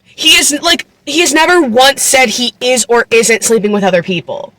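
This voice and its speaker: A woman's voice: a little high, lively intonation, moderate pace, a bit bright, no echo. A woman in her twenties recapping a book casually, chatty and incredulous, full of fillers and swearing. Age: 20s. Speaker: book vlogger.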